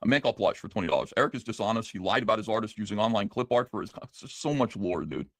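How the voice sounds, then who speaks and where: A man co-hosting a livestream, reading donation messages in a quick, offhand way. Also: on the low side, dry recording. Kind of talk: casual livestream chat.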